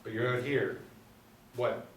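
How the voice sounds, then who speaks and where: An earnest young driver, easily impressed, read by a man at a table read, speaks quietly and hesitantly, with restarts. His mid-range voice comes from a distance in a roomy space, with a faint hum. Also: medium pitch, fairly even intonation, slow pace. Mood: curious.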